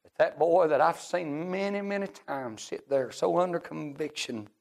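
A middle-aged male preacher with a high, gravelly voice delivers a revival-style sermon in a church service. He is fervent, dropping to hushed storytelling and then climbing to shouts. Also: moderate pace.

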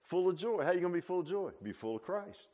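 A man preaching an informal sermon as pastor, animated and folksy, tossing in laughs and rhetorical asides. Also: high voice, fast.

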